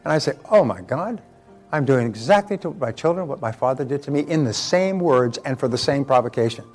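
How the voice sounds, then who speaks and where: Over soft background music, an older motivational speaker talks at a quick pace with a medium pitch and lively intonation. His delivery is conversational, full of stories and repeated words.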